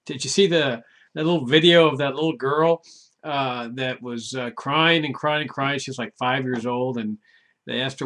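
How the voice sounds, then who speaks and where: A man's voice: medium pitch, pushed and bright. Chatty sarcastic male show host. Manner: chatty, digressive, laughs often; scoffing, many "you know" fillers. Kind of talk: weekly internet commentary show.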